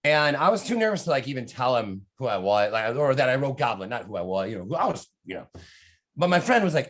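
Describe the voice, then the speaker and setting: A man's voice: mid-range voice, sing-song, quick pace. A man from the United States chats casually as a podcast guest. His talk is loose and rambling, full of fillers, swearing and sudden bursts of energy. He sits in the middle of the male range. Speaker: horror author guest.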